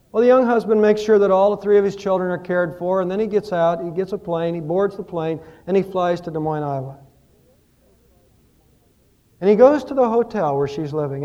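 A pastor preaching a sermon, telling stories and rising and falling in emphasis. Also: male voice, a little high, warm tone, dull audio.

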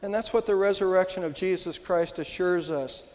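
An older man, a pastor, preaching an Easter sermon in a church, with emphatic rises and slow, stressed words. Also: high-pitched, a little mellow. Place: church sanctuary. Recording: long hall reverb.

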